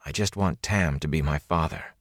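A man's voice: very deep voice, moderate pace, no echo, clean studio sound. A man voicing a troubled young shepherd in an audiobook, sounding tense and defiant.

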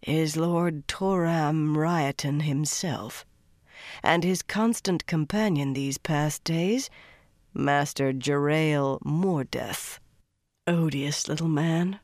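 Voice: mid-range voice, no room sound, clean studio sound. A reader doing a tense, guarded noblewoman. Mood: tense warning. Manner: tight, measured, formal.

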